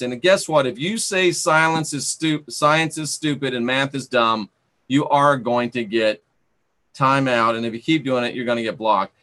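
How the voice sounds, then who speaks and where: A man's voice: mid-range voice, moderate pace, sharp tone. A man hosting a live stream, reading viewer comments aloud and sarcastically scolding and banning rude commenters. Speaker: channel host.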